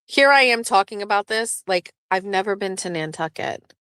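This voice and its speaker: Smooth and medium-pitched, the host speaks at a moderate pace on an echo-free recording. She's a lively show host from southeastern Massachusetts whose rambling, casual chat is full of swearing and frequent laughter.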